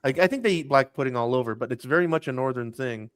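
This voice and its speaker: A man's voice: medium pitch, animated, fast talker, no echo. A man tells a loose travel story on a casual podcast. He wanders, restarts and fills his talk with "like." The sound is dry, with little room around it. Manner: rambling storyteller, many restarts and "like"s. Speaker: podcast host. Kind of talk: casual chat.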